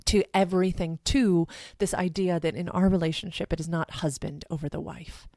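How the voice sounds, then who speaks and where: A woman's voice: lowish voice, steady tone, moderate pace, mellow, dry recording, clean studio sound. A woman guest on a podcast interview, speaking in an earnest, flowing, heartfelt way. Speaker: guest, sexuality educator.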